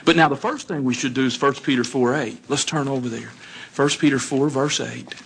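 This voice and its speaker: A man giving a sermon, telling stories in an animated way and putting questions to his listeners. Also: medium pitch, brisk, vocal fry, slight background noise. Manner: animated storytelling, acts out dialogue, asks the audience questions. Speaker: congregation speaker.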